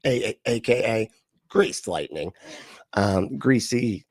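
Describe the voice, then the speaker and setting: A man's voice: on the low side, expressive, slow, darkish tone, no echo, studio quality. A man hosting a livestream, rambling and joking casually, swearing a lot and laughing often. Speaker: livestream host reacting to videos. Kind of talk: casual profane livestream chat.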